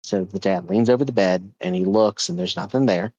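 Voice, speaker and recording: A man's voice: deep voice, a little fast, a little mellow, no room sound, highs cut off. A man hosting a podcast, telling a ghost story in a loose, rambling way with lots of restarts. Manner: rambling, with many repeats and fillers. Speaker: podcast host.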